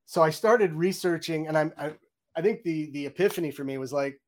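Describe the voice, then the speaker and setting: A middle-aged man, a game audio director, chatting in an interview and acting out his own reactions in quoted lines. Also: a little high. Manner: fast, chatty, many "you know"s and restarts. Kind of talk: candid interview storytelling.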